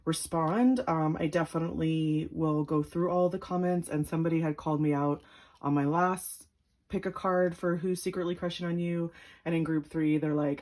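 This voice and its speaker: A woman's voice: low voice, moderate pace, a little mellow. A young woman giving a casual, upbeat tarot reading, chatty and giggly, with lots of fillers. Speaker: tarot reader.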